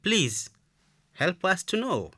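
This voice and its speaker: A woman teaching a radio lesson for children, slowly leading the listeners to repeat phrases after her. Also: on the low side, big pitch swings, very noisy. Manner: slow, encouraging, repeats phrases for listeners to echo.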